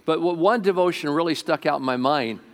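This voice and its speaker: A man preaching a sermon to a congregation as pastor, swinging between loud emphatic lines and quiet asides, often asking the room questions. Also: on the high side, a little fast. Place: church sanctuary before a congregation.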